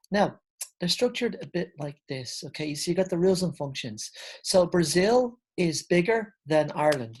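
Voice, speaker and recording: A woman's voice: sits low, a little mellow, slightly rough. A woman teaching English grammar, explaining patiently, spelling words out and checking in with "okay?".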